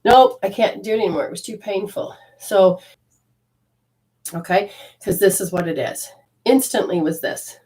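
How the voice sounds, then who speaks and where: Over a rough recording, a woman with a mid-range, darkish voice speaks at normal speed, leaving long pauses. She gives a caller an intuitive card reading in a spiritual coaching session, rambling and restarting often while fondly calling the listener honey.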